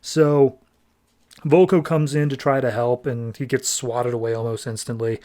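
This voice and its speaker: A man's voice: medium pitch, fairly even intonation, normal speed, dark tone. A man hosting a podcast, recapping a comic book in a chatty, rambling way with fillers. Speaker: podcast host.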